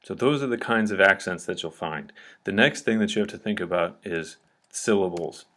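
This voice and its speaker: Low-voiced man explaining grammar patiently. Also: normal speed, pushed and bright. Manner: patient, step-by-step explaining with frequent "okay?" checks. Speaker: teacher. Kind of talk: recorded grammar lecture.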